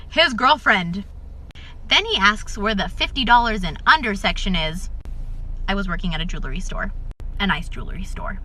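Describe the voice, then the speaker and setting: A woman's voice: medium pitch, a little fast, pushed and bright, low-quality recording. A woman telling a casual storytime with a sarcastic, exasperated manner.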